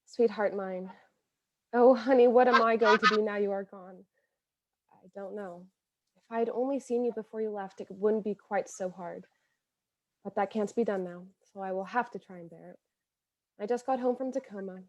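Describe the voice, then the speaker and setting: A woman's voice: mid-range voice, moderate pace, pauses often, darkish tone, no room sound, lo-fi sound, natural voice. A woman reading as a lovesick 1918 sweetheart. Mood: heartbroken. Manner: earnest, emotional, imploring. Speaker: reader of historical letters. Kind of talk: dramatic letter reading.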